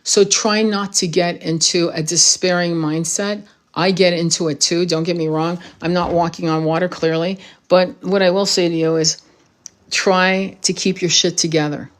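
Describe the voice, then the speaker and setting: A woman's voice: lowish voice, fairly even intonation, normal speed. A woman giving an impassioned spiritual monologue to her audience, blunt and profane, with emphatic rhetorical asides. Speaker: spiritual channel host.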